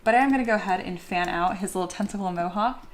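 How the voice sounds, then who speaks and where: Relaxed woman narrating her sculpting. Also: medium pitch, fast, slight background noise. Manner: relaxed, thinking aloud with fillers. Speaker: 3D modeling creator. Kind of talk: casual tutorial commentary while sculpting.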